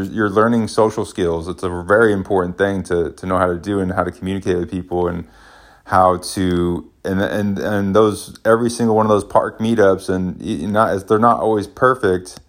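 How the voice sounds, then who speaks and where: A man in his thirties, a stay-at-home dad, talking casually and rambling with many restarts as he thinks aloud. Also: deep voice. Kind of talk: casual parenting vlog.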